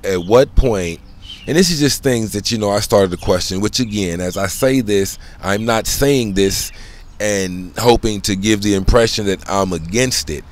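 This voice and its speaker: A man's voice: lowish voice, normal speed. A man talking alone in a casual, rambling monologue, full of slang and profanity, often checking in with "you know what I'm saying". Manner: profane, conversational. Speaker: solo channel host.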